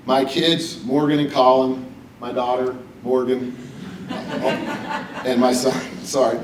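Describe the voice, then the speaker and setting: A man's voice: mid-range voice, steady tone, takes it slowly, long pauses, recorded from a distance, slight background noise. A middle-aged man from West Virginia giving a personal, joking hall of fame acceptance speech at a podium. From West Virginia, USA. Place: banquet hall with audience. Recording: echoey hall, speaker a bit off mic.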